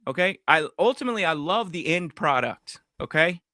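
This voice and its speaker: A middle-aged man, co-hosting a podcast and telling an animated story in casual chat, swearing freely. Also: on the high side, brisk, dry recording, studio quality. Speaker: podcast co-host.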